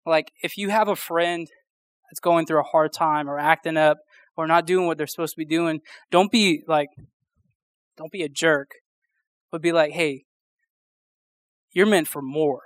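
A young man preaches in a loose, conversational sermon, rambling through a story with many fillers and false starts. His voice sits a little high, and the sound is close and dry with no room echo. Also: steady tone, normal speed, pauses often, a bit bright, clean tone. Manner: chatty, rambling, full of fillers and restarts.

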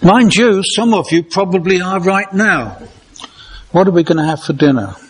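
Husky-voiced man preaching a chatty sermon. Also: high voice, animated, moderate pace. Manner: conversational, chatty, asks the congregation questions.

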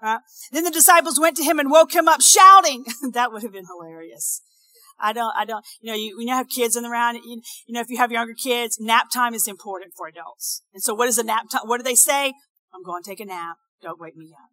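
Woman pastor, high bright voice, dry close sound, shouts then softens, sermon delivery. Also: fairly quick, dry recording. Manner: swings between shouted declarations and soft conversational asides; acts out quoted voices with laughs. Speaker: preacher.

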